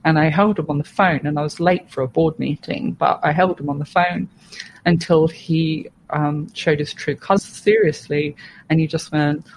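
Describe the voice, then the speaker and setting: A woman speaks candidly as a podcast guest, her voice gravelly and her delivery notably even. She tells her story in a frank, steady way. A faint background hum sits under her voice. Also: deep voice, moderate pace, poor audio. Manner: frank and steady, with plain swearing and restarts.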